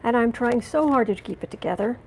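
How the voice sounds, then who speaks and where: A woman hosts a live tarot reading, her voice fairly high with a gravelly edge. She talks in halting bursts full of fillers and restarts, angry but straining to keep calm. A faint hiss sits under the recording. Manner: angry and fighting to stay calm. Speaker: tarot reader and livestream host.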